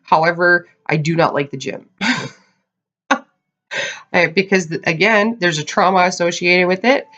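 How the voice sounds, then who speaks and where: A woman's voice: on the low side, unhurried, pauses often, fairly bright tone. A woman giving a casual tarot reading to her viewers, chatty and laughing often as she talks to "you guys.". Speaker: tarot reader. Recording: dull lo-fi sound.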